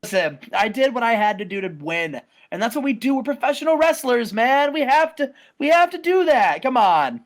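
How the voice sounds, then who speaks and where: A man's voice: extremely high pitch, big pitch swings, moderate pace, few pauses, pitched above the performer's own voice, exaggerated voice. Man doing a smug, boastful wrestling champ. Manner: boastful, mocking.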